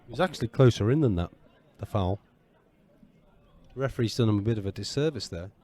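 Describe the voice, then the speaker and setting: A man with a mellow, rounded voice chats casually outdoors at a football ground. He plays the patient teacher, spelling out Italian words slowly. He keeps a teasing, easygoing tone while he comments on the game. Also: on the low side, animated. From England. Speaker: podcast co-host. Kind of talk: casual match commentary and banter.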